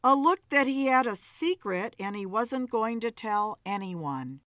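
Woman reading a noir story, slow and expressive, fairly high voice, dry sound. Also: no echo. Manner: expressive, measured narration.

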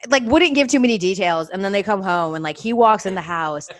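A young woman from Atlanta, a sports TV anchor telling family stories as a podcast guest, animated and quick to imitate her dad's voice. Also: dry recording. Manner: animated, acts out her dad's voice with big pitch jumps. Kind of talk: casual storytelling chat.

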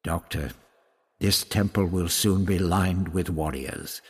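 A man's voice: low voice, slow, a little mellow, breathy edge, in a large hall, exaggerated voice. A man voicing a determined young woman who speaks firmly and directly in a storybook reading. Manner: firm, cool and direct.

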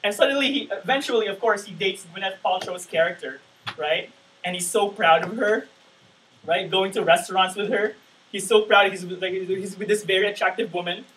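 High-voiced man preaching from afar. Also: a little fast, a bit bright, far from the mic, slight background noise, rough recording. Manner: conversational, keeps asking the room "right?". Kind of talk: sermon.

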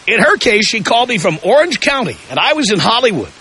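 A man with a high, bright voice hosts a call-in radio talk show. He swings his pitch widely as he drives home provocative, pointed questions with heavy emphasis. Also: big pitch swings, quick pace, slightly rough, rough recording.

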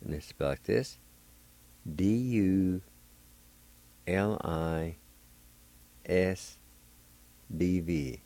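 A man hosting a radio language lesson, spelling words letter by letter and repeating each word slowly. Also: low-pitched, warm tone. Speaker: radio host teaching Cherokee words.

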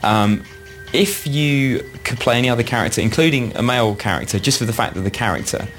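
A man interviewing a guest, asking friendly, halting questions. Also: mid-range voice, a bit bright, soft background music. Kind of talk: casual interview.

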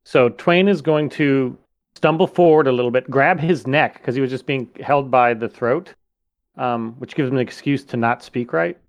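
A man's voice: mid-range voice, moderate pace, dry recording. A man playing a tabletop game, casually describing what his character does. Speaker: player.

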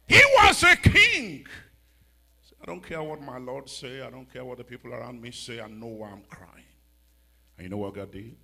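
A man with a West African accent preaching a sermon in a church, dramatic and mocking, dropping to a hush and then shouting. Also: medium pitch, steady tone, a little fast, vocal fry.

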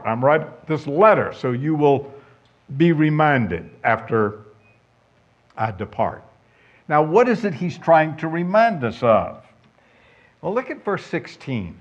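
A man's voice: mid-range voice, sing-song, a little slow. A man preaching a sermon, emphatic and conversational, putting questions to his listeners. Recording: dull lo-fi sound.

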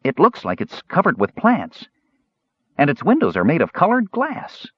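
A small, cheerful kender who chatters eagerly, his voice high and lively, as a man puts him on. The sound is dull and dry, like a lo-fi home recording. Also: normal speed, husky, dry recording, heavily acted.

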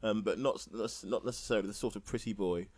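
Male co-host, rapid delivery, dry close sound, playful. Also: lowish voice, darkish tone, no room sound. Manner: quick, playful and jokey. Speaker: podcast co-host. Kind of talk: casual podcast chat.

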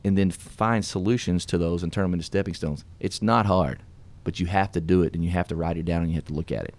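A middle-aged man hosting a radio show, telling his story in an earnest, animated, folksy way. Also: low-pitched, fast talker. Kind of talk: casual storytelling and motivational talk.

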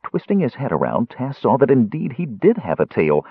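A man narrating a fantasy novel aloud in an expressive storytelling way. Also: medium pitch, normal speed, gravelly, husky, dry recording. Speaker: audiobook narrator. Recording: tinny phone-like sound.

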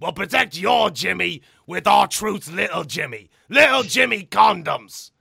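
Guy doing a loud wrestler selling stuff in a fake ad, punchy and bright. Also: high-pitched, lively intonation, measured pace, gravelly, husky, no echo, clean studio sound, heavily acted. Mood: pitching. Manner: shouted ad-read delivery. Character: loud male wrestler hosting a mock commercial.

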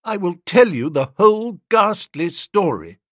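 A man playing a fretful young English gentleman, lifted and lively pitch, husky tone, dry close sound, chatty and pleading, storybook reading. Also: a little slow, dry recording, exaggerated voice. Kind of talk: audiobook character reading.

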